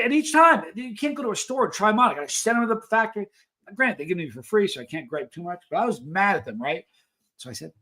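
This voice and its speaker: This male streamer speaks in a high, bright, forceful voice. He chats loosely with his audience, reading out chat messages and wandering through long-winded anecdotes.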